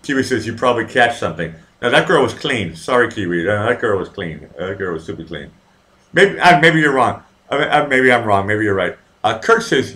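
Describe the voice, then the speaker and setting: Profane, lively man rambling. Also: mid-range voice, a little fast. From Boston, USA. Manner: profane, rambling storyteller with many fillers and restarts. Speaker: livestream host reading viewer comments. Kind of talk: casual live-stream chat.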